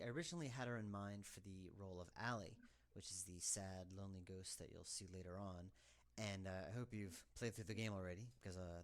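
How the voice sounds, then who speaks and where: A man talking through casual developer commentary in a rambling, hesitant way. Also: fairly low pitch. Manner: rambling, hesitant, full of fillers. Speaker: game developer giving commentary.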